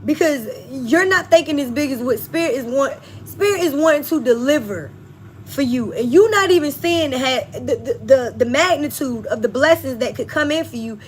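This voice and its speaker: Woman, tarot reader, fairly high voice, blunt and emphatic, swears, talks straight to "y'all". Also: expressive, moderate pace, poor audio. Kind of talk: collective tarot reading to viewers.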